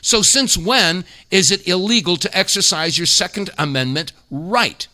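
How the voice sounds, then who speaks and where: A man's voice: high voice, unhurried, bright, forceful tone. A man hosting a talk radio show, delivering indignant, emphatic commentary full of rhetorical questions. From United States.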